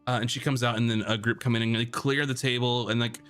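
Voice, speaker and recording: A man's voice: medium pitch, flat delivery, quick pace, fairly bright tone, clean tone, faint music behind. A man narrating as game master of a tabletop role-playing game in a casual, chatty way. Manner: casual, laughing, lots of fillers.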